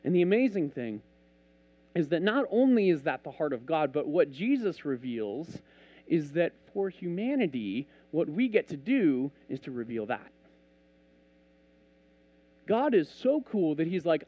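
Animated casual preacher, man, lo-fi sound. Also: on the high side, a little slow, breathy edge. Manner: animated, conversational, acts out dialogue. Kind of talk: casual sermon with storytelling.

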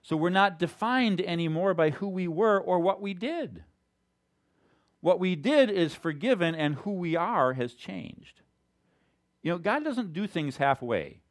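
A man's voice: sits high, expressive, measured pace. A male pastor giving a conversational, emphatic sermon.

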